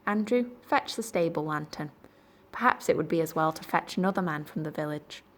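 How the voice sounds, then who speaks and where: A woman's voice: low voice, brisk. A woman voicing a flustered, fussy elderly male vicar in a storybook reading. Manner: excitable, fussy and proper.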